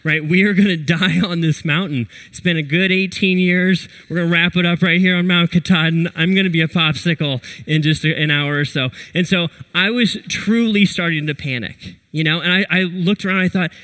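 A man preaching a sermon, telling a personal story in an animated way and acting out his own quotes. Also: high voice, moderate pace. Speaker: pastor.

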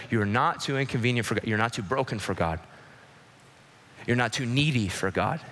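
A man preaches with passion, pressing hard one moment and dropping low and close the next. His voice is bright and forceful, and it rings out through a large hall with a long reverb tail. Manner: passionate, swings from loud pleading to hushed intimacy. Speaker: pastor. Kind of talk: sermon.

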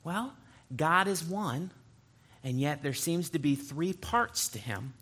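A man's voice: a little high, bright, forceful tone. A man preaching a sermon, reading scripture aloud and breaking in with explanatory asides. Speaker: pastor.

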